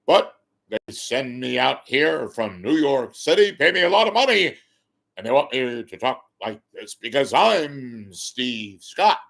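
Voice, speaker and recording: A man's voice: mid-range voice, very animated, a little slow, vocal fry, a bit bright, full character voice. A man mocking a stiff, pompous radio anchor. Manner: stilted, formal, pompous.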